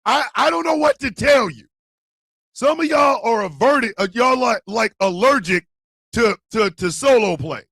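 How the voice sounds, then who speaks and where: A man with a strikingly high voice hosts a comedic radio advice chat. His pitch swings widely as he rants, and his tone has a husky edge. He is loud and profane and often breaks into shouts. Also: expressive, unhurried, no echo. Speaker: radio show host.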